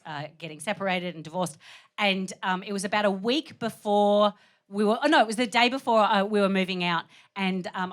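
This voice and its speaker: A woman in her thirties from Australia with an Australian accent, telling a stand-up story in an animated, self-deprecating way. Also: mid-range voice. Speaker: stand-up comedian.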